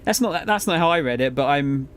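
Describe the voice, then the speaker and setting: A man's voice: on the high side, animated, a little fast, smooth. A man chatting casually to viewers during a live game stream, rambling and laid-back with frequent swearing and laughter. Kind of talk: casual live-stream chat while gaming.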